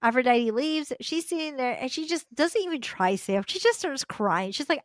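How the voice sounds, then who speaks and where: A woman's voice: sits high, big pitch swings, normal speed, hardly any pauses, no echo. A young adult woman, a podcast host, retelling a story casually with slangy asides and frequent laughter.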